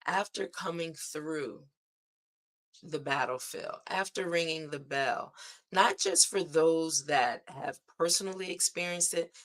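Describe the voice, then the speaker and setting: A woman's voice: sits low, fairly bright tone. A woman hosting a devotional livestream, speaking earnestly with frequent "right?" asides. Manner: slow, earnest, with spoken declarations and frequent "right?". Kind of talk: inspirational devotional talk. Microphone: streaming setup.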